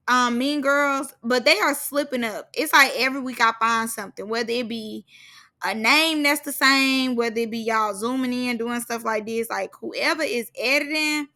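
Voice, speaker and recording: High, bright-voiced woman gossiping. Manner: animated, slangy, laughs often. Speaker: reality show recap vlogger. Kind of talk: casual gossip commentary.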